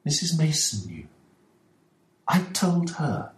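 A man voicing a gentle, loving wife lying in bed in a storybook reading. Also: fairly high pitch, sing-song, slow, pitched above the performer's own voice. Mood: tender. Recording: echoey room.

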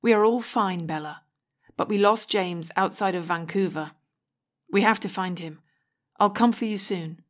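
Soft gentle young guy, woman reading him, low and quiet, tender. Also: normal speed, natural voice. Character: gentle young man, soft-spoken and calm.

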